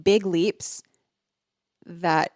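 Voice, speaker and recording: A woman's voice: on the low side, steady tone, extremely slow, a little mellow, no echo, studio quality. A woman hosting a podcast, chatting casually about a film score and saying "like" a lot. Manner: casual, uses "like" often. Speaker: podcast host.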